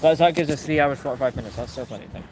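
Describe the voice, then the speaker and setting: Fast-talking blunt man outdoors. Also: medium pitch. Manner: blunt, swears, rattles off stops. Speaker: companion on the outing. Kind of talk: casual chat. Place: outdoors by a busy street. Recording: loud outdoor street noise.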